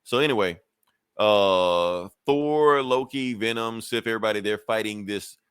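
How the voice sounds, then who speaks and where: A man's voice: lowish voice, a bit bright, no room sound, clean studio sound. A man hosting a podcast, casually recapping a comic book storyline in a rambling, profane way with lots of fillers and restarts. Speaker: podcast host.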